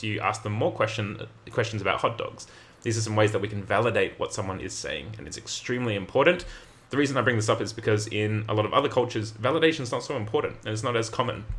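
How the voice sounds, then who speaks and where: A young adult man, giving energetic, emphatic communication advice straight to camera. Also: lowish voice. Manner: energetic, emphatic, plays out example phrases. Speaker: communication coach. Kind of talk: direct-to-camera advice talk.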